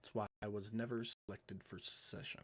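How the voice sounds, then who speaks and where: A man's voice: a little high, huge pitch swings, moderate pace, a bit bright, slightly rough, heavily acted. A man voicing a foul-mouthed, cocky, cat-like young nobleman who swears freely and talks with theatrical charm. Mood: suave.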